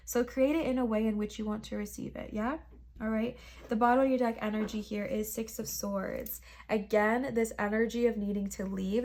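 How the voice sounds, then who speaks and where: A woman's voice: medium pitch, a little mellow. A young woman giving a casual tarot reading to camera. She talks in an emphatic, reassuring, slangy way and addresses viewers as friends. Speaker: tarot reader.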